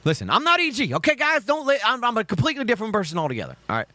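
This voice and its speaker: Ranting man with a bright, dry voice. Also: high voice, wildly swooping pitch, racing, no echo. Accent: Southern US. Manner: heated, profane, ranting. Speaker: commentary streamer reacting to videos. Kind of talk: angry reaction commentary.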